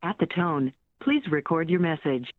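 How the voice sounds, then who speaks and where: A performer voicing an automated voicemail greeting in a flat, formal tone, heard over a phone line. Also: mid-range voice, normal speed, lightly acted. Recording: tinny phone line with noise.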